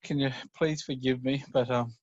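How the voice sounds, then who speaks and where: A man voicing a tired, kindly working father in a told story, talking in a weary, gentle way. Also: medium pitch, fairly even intonation, normal speed, no room sound, muffled recording, close to an everyday voice.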